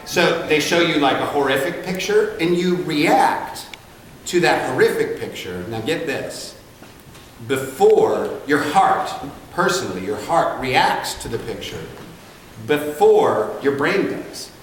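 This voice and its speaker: A voice actor with a fairly bright, mid-range voice tells jokey stories at a convention panel, speaking expressively at a moderate pace, laughing often and acting out voices. He's recorded from far off in a large, echoey convention hall with crowd ambience and slight background noise.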